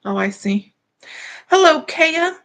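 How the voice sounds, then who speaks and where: A woman's voice: high voice, very animated, slow pace, fairly bright tone. A woman hosting a live stream, chatting casually in a rambling way with lots of fillers and greeting viewers by name.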